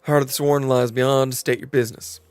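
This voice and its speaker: A man's voice: medium pitch, flat delivery, moderate pace, darkish tone, clean tone, dry recording, soft background music, close to an everyday voice. A man reading as a stiff palace official. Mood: formal. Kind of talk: reading game dialogue aloud.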